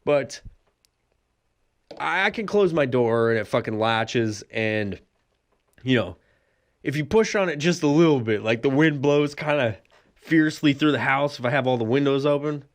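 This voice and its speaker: A man's voice: medium pitch, lively intonation, moderate pace, long pauses. A man hosting a solo podcast, telling a rambling, profane comic story and laughing often. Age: adult with a son. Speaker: podcast host.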